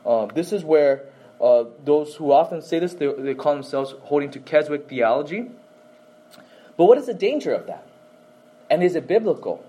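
A man's voice: fairly high pitch, expressive, moderate pace, dark tone, slightly rough, rough recording. A man teaching a Bible class, often quizzing listeners with questions and adding "okay?" to his points.

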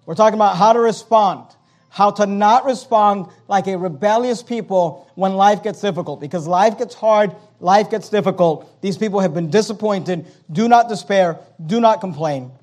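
A male pastor delivering a sermon in a high-pitched voice. He swings between loud, emphatic scripture reading and quieter asides, sometimes mimicking grumbling people. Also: moderate pace. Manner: animated preaching, quoting King James scripture, acting out complaining voices.

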